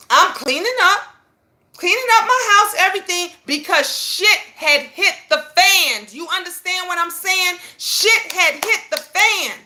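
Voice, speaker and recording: A woman hosting her own channel, telling a story in an animated, profane way that rushes ahead at times. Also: high voice. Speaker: channel host. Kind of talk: casual storytelling vlog.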